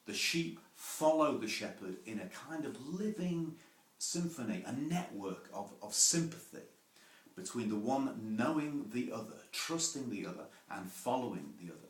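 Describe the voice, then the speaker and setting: A man preaching a sermon, telling homely stories with asides and gentle self-deprecating humour. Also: lowish voice, reverberant.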